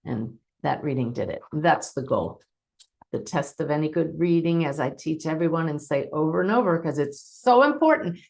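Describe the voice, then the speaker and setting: A woman with a low voice hosts a session as a medium. She recounts readings with lively enthusiasm and acts out the voices of the people she quotes. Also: gravelly. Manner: warm, enthusiastic storytelling, acting out quotes. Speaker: medium and host. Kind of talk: teaching talk to an online audience.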